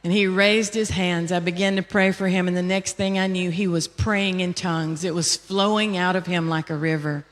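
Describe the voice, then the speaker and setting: A woman's voice: on the low side, moderate pace, hardly any pauses. American woman preaching in a reverberant hall. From United States. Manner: animated, emphatic storytelling. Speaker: conference speaker. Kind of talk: storytelling sermon. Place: conference hall. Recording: long reverb of a large hall.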